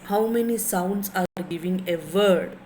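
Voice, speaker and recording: A woman's voice: medium pitch, a little slow, warm tone, slight background noise, rough recording. A woman lecturer in English with an Indian English accent, teaching a class, repeating key phrases and spelling words letter by letter.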